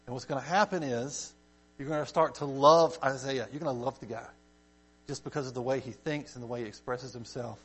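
A man's voice: medium pitch, fairly quick, slightly rough. Conversational male Bible teacher. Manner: conversational, checks in with "okay?" and "right?", animated emphasis. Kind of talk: casual Bible study teaching.

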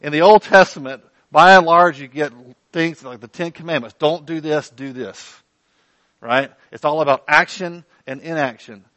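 A man preaching a sermon in an animated, conversational way with playful asides. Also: on the high side, moderate pace, dry recording, dull audio. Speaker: pastor.

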